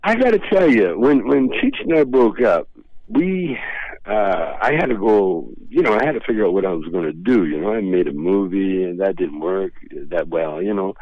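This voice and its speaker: A man's voice: low-pitched, sing-song, moderate pace, no room sound. A male comedian telling rambling, laid-back anecdotes as a guest in a radio interview. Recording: dull lo-fi radio sound.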